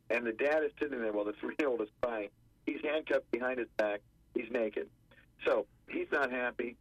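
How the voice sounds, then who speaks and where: A man, an attorney calling in to a radio show, telling a story in an animated way and acting out the quotes. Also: medium pitch, a little fast, slightly rough, no echo. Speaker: attorney guest on phone. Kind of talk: radio phone interview storytelling. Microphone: telephone. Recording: muffled phone line.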